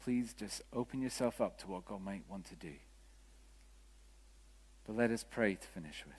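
A vicar telling a story in a sermon, quoting the people in it with animated voices. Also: male voice, on the low side, moderate pace, husky. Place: church. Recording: church hall with long reverb.

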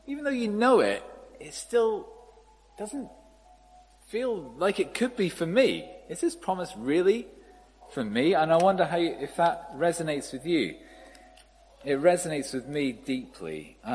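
A man preaching a sermon in a relaxed, conversational storytelling manner. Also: on the high side, unhurried. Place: church. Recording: reverberant hall, faint ambience.

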